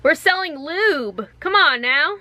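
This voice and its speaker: Casual co-host, young woman, bright tone, storyteller who laughs a lot. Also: sits high, expressive, slow, rough recording. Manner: laughs often, tells stories with quoted voices. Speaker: podcast co-host. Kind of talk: casual chat.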